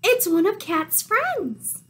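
A woman teacher reading a picture book aloud to young children, animated and full of gasps. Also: very high voice, slow, background noise.

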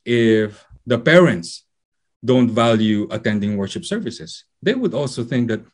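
A man's voice: medium pitch, animated, measured pace. A man from the Philippines, preaching a sermon in a conversational, storytelling way with frequent fillers.

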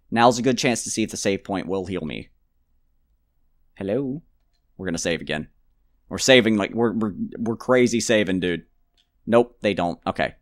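A man's voice: fairly low pitch, no echo, studio quality. A man casually commenting on his own gameplay, rambling and joking to himself with mock outbursts. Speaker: let's play gamer.

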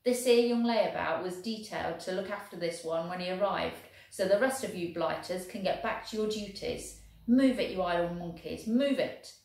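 A woman voicing a booming, gruff male army sergeant who barks orders. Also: moderate pace, a little mellow, close to an everyday voice. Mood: bossy. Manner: barking orders. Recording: very echoey room.

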